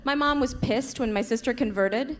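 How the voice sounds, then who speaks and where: High-voiced woman doing stand-up. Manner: punchy, quick impressions of her parents. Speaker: stand-up comedian. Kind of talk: stand-up comedy set. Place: comedy club stage before a laughing crowd. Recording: noisy live club recording.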